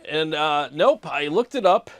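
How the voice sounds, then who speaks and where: A man's voice: fairly high pitch, expressive, measured pace, no room sound. A man hosting a guitar gear channel, answering viewer comments in a casual, rambling way with many fillers and restarts.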